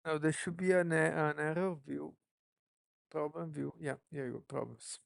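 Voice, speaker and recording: Very gravelly voice thinking aloud while coding. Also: medium pitch, steady tone, dry recording, studio quality. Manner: musing, self-questioning, unhurried. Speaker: app developer streaming live.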